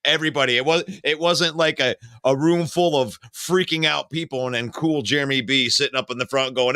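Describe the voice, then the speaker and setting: A man co-hosting a casual sports talk stream, talking in an emotional, rambling way full of restarts and repeated words. His voice is bright and forceful, recorded dry and close. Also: medium pitch, a little fast, hardly any pauses, smooth, no room sound. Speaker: sports show co-host.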